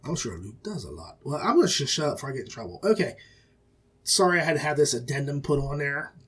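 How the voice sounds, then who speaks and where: Middle-aged man, podcast host, husky voice, medium pitch, rambling and folksy, casual review monologue. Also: sing-song, quick pace, a bit bright. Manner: rambling, self-correcting, folksy.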